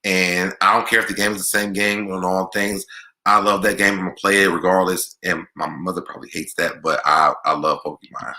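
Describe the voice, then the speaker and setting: Very low, sharp-toned man chatting casually. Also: level tone, a little fast. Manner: candid, chatty, loose delivery. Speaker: channel host answering viewer questions. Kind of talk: casual Q&A vlog.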